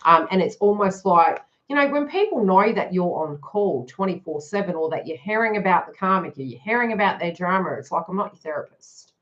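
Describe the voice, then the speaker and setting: A woman's voice: fairly low pitch, animated, a little fast, fairly bright tone, lo-fi sound. A woman giving a live card reading to her viewers, talking frankly and joking as she goes. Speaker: tarot reader.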